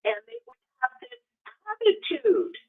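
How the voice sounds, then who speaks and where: A woman's voice: very high-pitched, a little slow, vocal fry. A woman co-hosting a talk show, speaking in an indignant, emphatic way. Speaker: co-host. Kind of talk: casual radio talk. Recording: tinny phone line from a distance.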